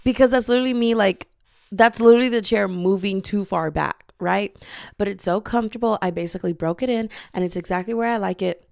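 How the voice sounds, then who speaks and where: A woman's voice: mid-range voice, a little fast, vocal fry, no echo, clean studio sound. A young woman hosting a casual solo podcast from her bedroom, rambling playfully and slipping into bits of singing. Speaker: podcast host. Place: bedroom with hardwood floor. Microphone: podcasting mic.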